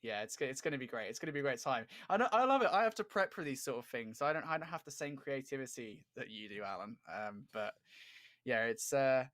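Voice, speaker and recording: A man's voice: mid-range voice, lively intonation, fairly bright tone. A man calling a competitive video game match as a commentator, upbeat and jokey as he chats with his co-caster. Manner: upbeat, jokey, quick to laugh. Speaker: esports commentator. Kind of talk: casual play-by-play game commentary.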